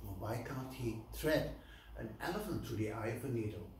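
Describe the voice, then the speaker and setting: A man voicing a humble, devoted male cobbler who speaks softly with simple wonder, heard from far off in an echoey hall. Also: mid-range voice, moderate pace, slight background noise, close to an everyday voice. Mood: gentle. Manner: soft, wondering, gentle.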